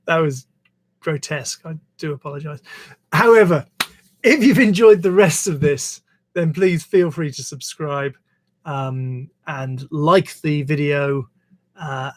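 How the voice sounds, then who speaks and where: A man hosting a live poetry stream, reading scripture and verse aloud with measured phrasing and slipping into self-deprecating, apologetic asides between readings. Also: a little high.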